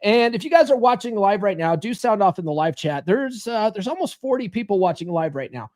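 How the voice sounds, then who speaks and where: Man, high voice, blunt coaching tone, live-stream advice host. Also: animated, fairly quick, a little mellow. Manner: blunt, coaching, acts out quoted lines. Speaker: podcast host.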